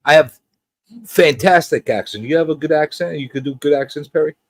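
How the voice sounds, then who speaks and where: A man hosting a casual pop culture livestream, teasing his guest and chatting in an animated way. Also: fast, no room sound. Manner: animated and teasing, jumps between high and low.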